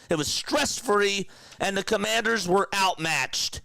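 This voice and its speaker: A man chatting casually on a live sports stream, excited and rambling like an emotional fan. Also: high voice, slow pace, gravelly, clear, resonant tone, no echo, studio quality.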